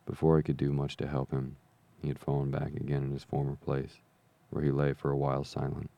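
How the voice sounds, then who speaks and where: A man reading an old adventure novel aloud as a calm bedtime story, slow, even and soothing. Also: rumbling low, creaky. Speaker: podcast reader.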